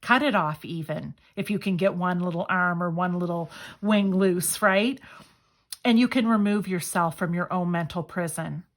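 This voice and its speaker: A woman's voice: fairly low pitch, moderate pace. Chatty woman giving a tarot reading. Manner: chatty, enthusiastic, talks straight to viewers. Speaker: tarot reader. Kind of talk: casual pick-a-card tarot reading.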